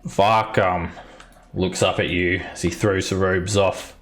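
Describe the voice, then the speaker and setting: A man's voice: low voice, steady tone, takes it slowly, fairly bright tone, soft background music. A man narrating a tabletop role-playing game as its dungeon master, with vivid descriptions.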